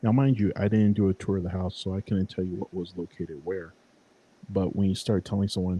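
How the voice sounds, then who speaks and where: A man chats in a relaxed, rambling way about paranormal investigation work, with casual swearing. His voice is very low and extremely dark. It has a husky, rough edge. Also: brisk, poor audio. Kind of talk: casual chat.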